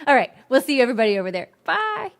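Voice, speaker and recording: A woman hosting a casual livestream, upbeat and enthusiastic. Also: extremely high pitch. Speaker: host.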